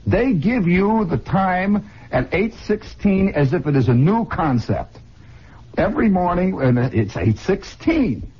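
A man in his forties from the United States, hosting a rambling comic radio monologue as an excitable, digressive storyteller, heard on a dull 1960s broadcast. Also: high voice, a little slow, husky. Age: 40s. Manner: excitable, digressive storyteller who repeats and restarts. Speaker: radio host.

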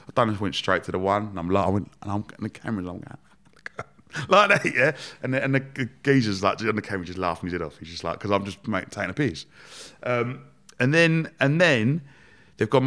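A man's voice: on the low side, lively intonation, a little fast, fairly bright tone. A man, a podcast guest telling rambling, laughing anecdotes with casual swearing. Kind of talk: casual storytelling interview.

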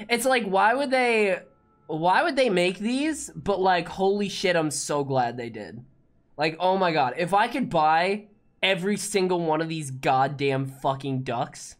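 A woman streaming a game, reacting in an excitable, profane way. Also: on the low side.

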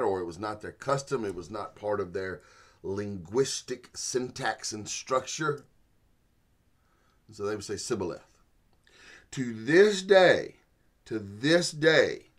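Man teaching the Bible, folksy and animated. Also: on the low side. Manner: folksy storytelling, animated, with chuckles. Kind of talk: sermon-style Bible teaching.

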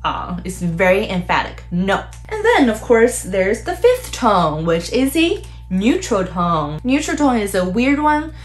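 Chinese-accented woman teaching Mandarin tones. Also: big pitch swings. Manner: explains tones slowly, repeats syllables with exaggerated pitch. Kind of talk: casual language lesson.

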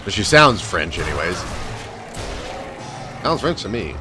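A man's voice: low-pitched, sing-song, measured pace, over music. A man giving casual, sarcastic, profane commentary while playing a video game. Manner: swearing, sarcastic, laughing. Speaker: gameplay commentator. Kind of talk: casual let's play commentary.

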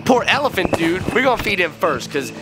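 A middle-aged man hosting a kids' game video, joking excitedly and playfully as he plays alongside his child. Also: high voice, brisk, very noisy. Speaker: gaming channel host.

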